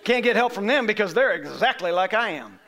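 A man preaching a sermon to a congregation, emphatic and rising to shouts on key phrases, leading call-and-response. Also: high-pitched, lively intonation, a little fast. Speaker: pastor. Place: church sanctuary.

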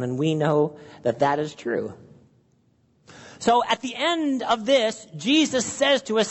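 High-voiced man preaching in a hall. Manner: earnest preaching, acting out prayers and worried questions. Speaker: pastor. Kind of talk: sermon.

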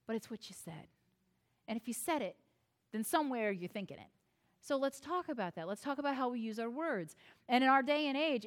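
A US pastor preaches fairly quickly, her voice high and bright. She keeps things playful and expressive, adding wry digs at herself and acting out short quoted exchanges.

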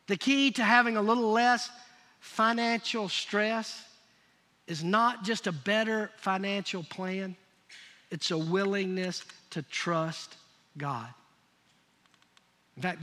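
A man's voice: sits high, pushed and bright. A man preaching a sermon as pastor, emphatic and prodding his congregation to call out answers. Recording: long reverb of a large hall.

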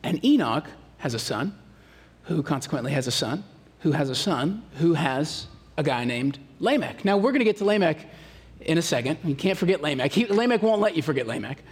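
A man delivers a sermon in a chatty, animated way, tossing rhetorical questions at the congregation. His voice sits high and a little husky. The sound rings with the long reverb of a church hall. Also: a little fast. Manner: conversational preaching, rhetorical questions, animated asides. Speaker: pastor.

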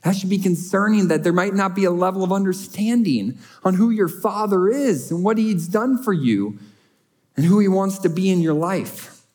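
A man's voice: high-pitched, expressive, normal speed, darkish tone. A male pastor preaching a sermon in an earnest, emphatic way, building on repeated short phrases.

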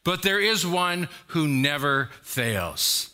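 A male pastor preaching a sermon, retelling a scripture story with dramatic emphasis and sudden loud exhortations. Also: a little high, very animated, slow, few pauses.

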